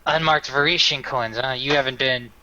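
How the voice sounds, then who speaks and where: A wary, gruff tavern regular, as a man puts him on in a fantasy game, eyeing strangers and pausing on every other word. The sound is dull and lo-fi. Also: medium pitch, steady tone, pushed and bright. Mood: suspicious. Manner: wary, hesitant with "uh"s. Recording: dull lo-fi recording.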